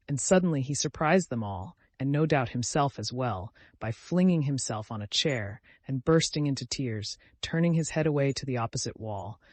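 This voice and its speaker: A man narrating an audiobook in an expressive, animated reading. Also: mid-range voice, no room sound.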